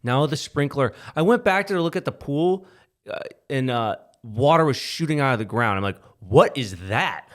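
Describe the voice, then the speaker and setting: A man's voice: mid-range voice, lively intonation, moderate pace. A young man co-hosting a podcast, chatting casually with wry, defensive banter. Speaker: podcast co-host. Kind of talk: casual chat.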